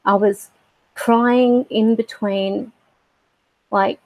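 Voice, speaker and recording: A middle-aged woman telling a personal story on a livestream, halting and reflective with many fillers. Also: fairly high pitch, fairly even intonation, no room sound, phone-quality sound. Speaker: spiritual livestream host.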